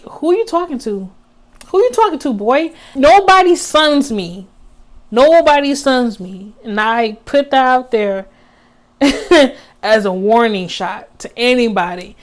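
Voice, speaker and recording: A woman in her twenties telling a storytime vlog in an animated, emphatic, slangy way. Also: fairly high pitch. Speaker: vlogger.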